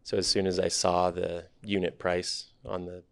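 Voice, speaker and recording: A man in his thirties, a startup CEO guest on a podcast interview, telling his story in a relaxed, candid, thoughtful way. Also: low-pitched, normal speed, vocal fry, no echo.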